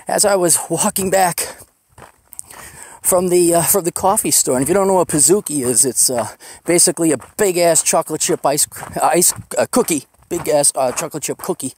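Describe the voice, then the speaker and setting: A man's voice: on the high side, moderate pace, darkish tone, a little hiss or hum. A man hosting a podcast, rambling casually while hiking outdoors on a desert trail, ranting with profane sarcasm. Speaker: podcast host.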